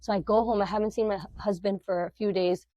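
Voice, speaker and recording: A middle-aged woman, a podcast guest, telling a personal faith testimony in an animated, emotional, filler-heavy way. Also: medium pitch, quick pace, dry recording, muffled recording.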